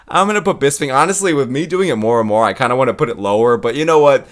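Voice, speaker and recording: A young man chatting casually on his own channel, swearing freely and laughing often. His pitch swings around in a lively way. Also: fast talker, few pauses. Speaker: YouTube host. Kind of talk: casual profane chat.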